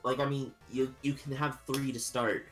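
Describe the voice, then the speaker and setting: A man's voice: mid-range voice, level tone, moderate pace, fairly bright tone. A man chatting casually on a live stream while gaming, sleepy and yawning, rambling with many restarts. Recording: stream audio with game music behind. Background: game music.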